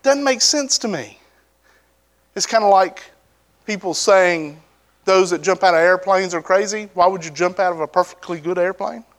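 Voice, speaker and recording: A man delivers a sermon in a casual, conversational manner, his voice sitting fairly high for a man. He leans on rhetorical questions and swings between lifted, emphatic bursts and quiet, low asides. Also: normal speed. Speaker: preacher.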